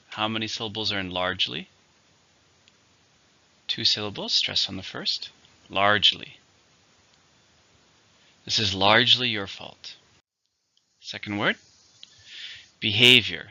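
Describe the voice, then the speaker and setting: A man teaching English vocabulary, giving each word's syllables and stress before saying it clearly and using it in an example sentence. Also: fairly low pitch, pushed and bright, no room sound. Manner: slow, deliberate word drills with example sentences. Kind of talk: vocabulary lesson. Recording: slightly dull lo-fi recording.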